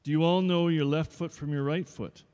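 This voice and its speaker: A man's voice: a little high, fairly even intonation, moderate pace, darkish tone, clean tone, pitched above the performer's own voice, close to an everyday voice. A man reading aloud as a strict, bossy dancing master who barks rules at his pupils. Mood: stern. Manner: stern, commanding, barks rules. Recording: long reverb in a showroom.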